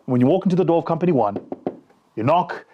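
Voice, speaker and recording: A man giving a motivational talk, his pitch riding a little high and swinging widely as he tells the story. The tone is mellow and dark rather than bright, and he talks straight to his audience. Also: quick pace, highs cut off, slight background noise. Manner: animated, addresses listeners directly, acts out dialogue. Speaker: motivational speaker.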